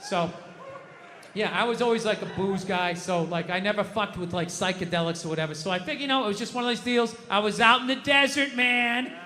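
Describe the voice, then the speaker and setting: A stand-up comedian in his fifties, ranting profanely on stage and breaking into shouts. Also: high voice, fairly quick. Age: 50s. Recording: echoey hall with loud crowd laughter.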